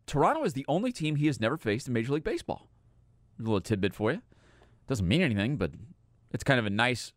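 A man's voice: on the low side, no room sound, studio quality. A middle-aged man hosting a sports radio show, chatting casually about baseball in a rambling, self-deprecating way.

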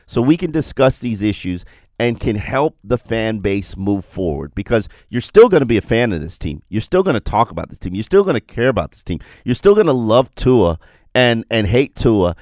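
A man hosts sports talk radio in an emphatic, repetitive rant. His voice is on the low side. The sound is close and dry. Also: no room sound.

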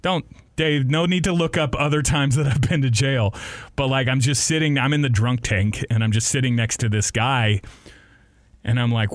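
In a mid-range voice at moderate speed, with no echo, a young man who's a radio host shares a story on a casual podcast. Frequent laughter punctuates his lively retelling, complete with impressions of the people involved.

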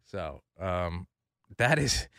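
A man's voice: deep voice, lively intonation, very slow, a bit bright, smooth, no room sound, studio quality. A man co-hosting a casual talk show, joking, laughing often and restarting his sentences. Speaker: co-host. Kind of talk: casual banter.

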